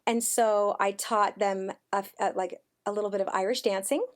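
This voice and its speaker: Brief: woman, 40s, lively storyteller, chatty guest on a remote podcast call. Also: medium pitch, moderate pace. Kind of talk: casual conversational interview.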